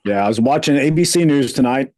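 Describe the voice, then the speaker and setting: A man in a casual political podcast chat, his voice sitting at an ordinary middle pitch. He sounds heated and incredulous and leans hard on drawn-out words. The recording is dry and close, with no room around him. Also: animated, a little mellow, no room sound. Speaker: podcast co-host.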